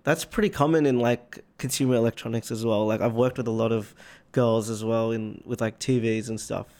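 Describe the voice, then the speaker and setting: A man in casual chat, reacting to a friend's story with quick interjections. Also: mid-range voice, fairly even intonation, darkish tone.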